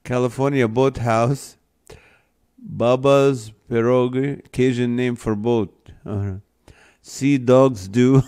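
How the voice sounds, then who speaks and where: Male live-stream host, very slow delivery, reads comments and keeps laughing. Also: medium pitch, fairly even intonation, warm tone, clean tone. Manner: laughs often while reading. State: laughing to tears. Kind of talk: reading viewer comments aloud.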